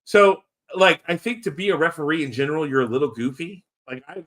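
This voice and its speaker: A man's voice: on the high side, lively intonation, brisk, fairly bright tone. A man co-hosting a casual wrestling podcast, rambling with many fillers and restarts. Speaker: podcast co-host.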